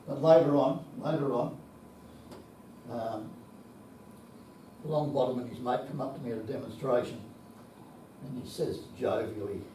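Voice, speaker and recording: In a conference hall with a lot of echo, a seventies-aged Australian man recounts stories, swearing colorfully and chuckling along the way. The voice is medium-pitched and mellow, with slight background noise, picked up from a distant microphone.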